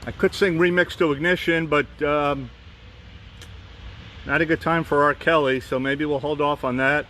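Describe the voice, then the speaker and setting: Man vlogging on a phone outside, rambling, slightly high voice, faint traffic behind. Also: steady tone, normal speed, bright, forceful tone. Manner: chatty, rambling, frequent restarts. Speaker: vlogger and fan group host. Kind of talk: rambling live-stream chat.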